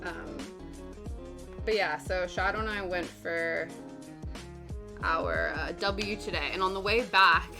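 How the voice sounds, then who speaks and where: A woman's voice: on the low side, slow, gravelly, pauses often. A young woman chatting casually while she cross stitches on a stream, rambling through stories and answering chat. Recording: background music under voice.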